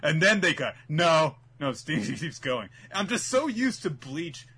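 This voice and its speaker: Bright-voiced man recapping an anime. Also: a little high, big pitch swings, slightly rough. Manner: acts out characters in quick voices, laughs often. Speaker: podcast co-host. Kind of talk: casual anime recap chat.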